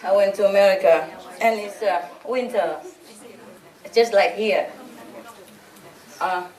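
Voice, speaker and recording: A woman spiritual teacher gives an informal, teasing talk to followers, laughing often as the audience laughs too. Her voice is mid-range, slow and darkish, captured by a distant mic in a roomy hall.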